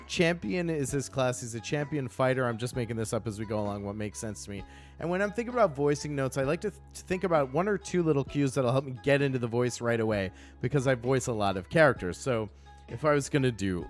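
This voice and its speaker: A man's voice: mid-range voice, lively intonation, fast talker, faint music behind. Man thinking aloud on a live stream. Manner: thinking aloud, explaining his process. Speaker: tabletop game master and streamer. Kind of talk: casual live-stream chat.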